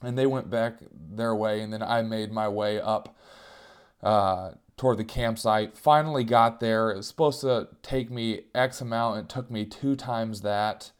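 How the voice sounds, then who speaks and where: A man's voice: measured pace, clear, resonant tone. Self-mocking man telling a comic story. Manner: self-mocking, animated, jumps into squeaky voices for quoted cries.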